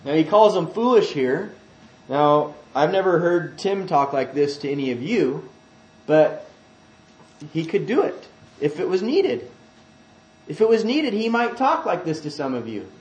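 A man preaches a sermon in a high voice. He drops to quiet asides, then rises loud and emphatic when he reads scripture. The sound rings through an echoey church hall. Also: big pitch swings, measured pace.

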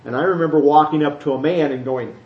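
A middle-aged man preaches in a loose, conversational way. His voice sits slightly high and comes through a dull, lo-fi church recording. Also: quick pace. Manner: conversational, animated, acts out children's voices. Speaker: pastor. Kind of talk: sermon.

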